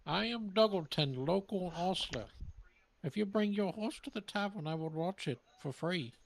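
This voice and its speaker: A man's voice: high voice, normal speed, creaky, a little hiss or hum, low-quality recording. A man playing a sly young stablehand who offers to mind horses but snoops in bags, in tabletop role-play.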